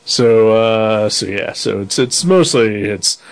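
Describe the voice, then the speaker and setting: A man's voice: on the low side, takes it slowly. A man co-hosting a podcast in casual chat, rambling with dry jokes. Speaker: podcast co-host.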